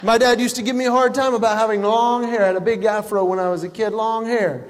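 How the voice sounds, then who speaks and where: A middle-aged man doing a stand-up comedy routine, telling family stories with animated punchlines on stage in a large hall. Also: high-pitched, quick pace, background noise. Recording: reverberant hall with faint ambience.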